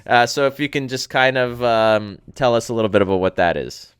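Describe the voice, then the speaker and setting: A man co-hosting a casual podcast, telling stories in an animated way, laughing often and mimicking people. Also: medium pitch, a little fast, clean tone, no echo, clean studio sound. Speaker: podcast co-host. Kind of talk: casual chat.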